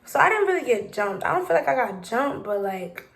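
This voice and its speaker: A young adult woman from New City, casually telling a rambling, animated story to her vlog viewers. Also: a little high, a little fast, vocal fry. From New York City. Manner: animated, rambling retelling with quoted dialogue. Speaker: vlogger.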